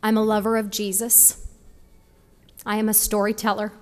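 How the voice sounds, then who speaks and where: Speaking at a podium in a big venue, a young woman from Texas gives a commencement address with passion and emphasis. She has a medium-pitched voice, a level tone, and a moderate pace. There is slight background noise and a long hall reverb.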